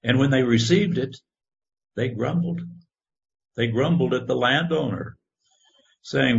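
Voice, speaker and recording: A man preaching a sermon, reading scripture in a slow, measured way. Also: medium pitch, creaky. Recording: dull lo-fi recording.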